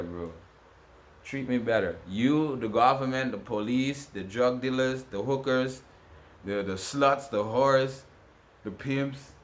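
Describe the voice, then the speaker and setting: A man's voice: medium pitch, sharp tone. A man vlogging to camera in a rambling, repetitive, aggrieved rant with many restarts. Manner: ranting, aggrieved. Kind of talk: casual monologue to camera.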